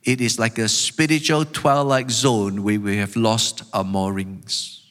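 A man's voice: lowish voice, fairly even intonation, measured pace, fairly bright tone. A man preaching a sermon as pastor, voicing the psalmist's complaints with emphatic, rising intensity. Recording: long hall reverb.

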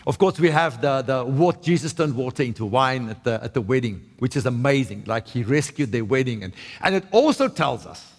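A man's voice: mid-range voice, expressive, brisk, few pauses, long reverb tail. A man preaching a sermon in a conversational way, often checking in with "right?" and restarting his sentences. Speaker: pastor.

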